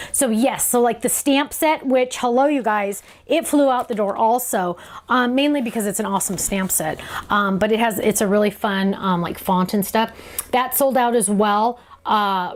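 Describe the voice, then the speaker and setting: Chatty bubbly woman hosting a craft show. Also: on the high side. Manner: chatty, bubbly, laughs often. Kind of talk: live stream Q&A chat.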